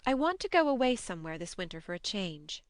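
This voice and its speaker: A woman reading an audiobook, voicing a spirited, impulsive young woman who speaks briskly. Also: medium pitch, sing-song, dry recording, studio quality, lightly acted. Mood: earnest. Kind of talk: audiobook narration.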